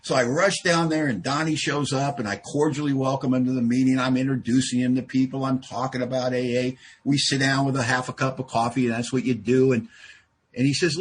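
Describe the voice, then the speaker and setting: A man's voice: mid-range voice, little pitch movement, brisk, breathy edge. A man speaking at a support group meeting, telling a personal story with self-deprecating, wry humor. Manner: self-deprecating, wry, acts out quoted exchanges.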